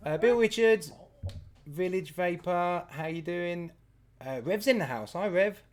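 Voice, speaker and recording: A man's voice: high voice, lively intonation, unhurried. A man hosting a casual live stream, chatty and laughing as he greets viewers by name. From England. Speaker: host.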